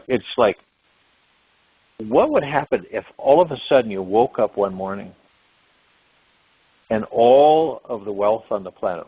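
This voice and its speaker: Over a phone line with dull, lo-fi sound, a man with a lowish, slightly rough voice hosts a spiritual meditation call. He muses and rambles, now and then breaking into sudden, acted-out quotes of what others might say.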